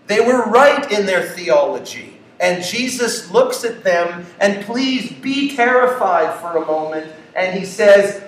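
A man preaching a sermon who swings between loud, excited passages and hushed, quiet ones. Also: high voice, slow, hardly any pauses. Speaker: pastor. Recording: echoey room, speaker far from mic.

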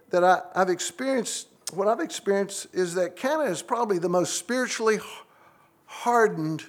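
High-voiced preacher man. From United States. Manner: earnest preaching with rhetorical questions to the congregation. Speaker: pastor. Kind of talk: sermon.

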